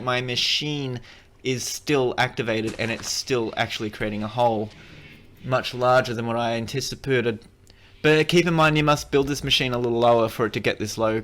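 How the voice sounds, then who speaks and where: A man making gaming videos gives a loose, rambling tutorial as he plays, tossing out jokes and correcting himself along the way. His voice is mid-range with a fairly bright tone.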